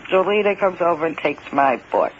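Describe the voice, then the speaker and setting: A man telling a strange encounter in the first person, in a hesitant, halting way that repeats words and grows emphatic. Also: fairly high pitch, lively intonation. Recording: dull lo-fi recording with faint hiss.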